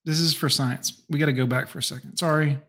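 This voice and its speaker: A man's voice: on the high side, fairly even intonation, fast talker, gravelly, a bit bright. A man hosting a reaction video, making sarcastic, mocking asides in casual, profane commentary.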